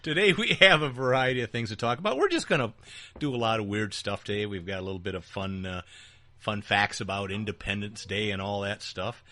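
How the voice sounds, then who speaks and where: A man's voice: fairly low pitch, fairly quick, pushed and bright, no echo. A man co-hosting a casual political talk show, joking and teasing his partner, with frequent fillers and restarts. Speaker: podcast co-host. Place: small back-room studio.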